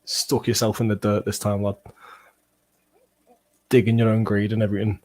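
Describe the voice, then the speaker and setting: A young man hosting a football watchalong livestream, bantering and swearing as he reads out chat comments, with bursts of excited play-by-play. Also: lowish voice, normal speed, pauses often. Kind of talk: casual livestream chat and match reaction.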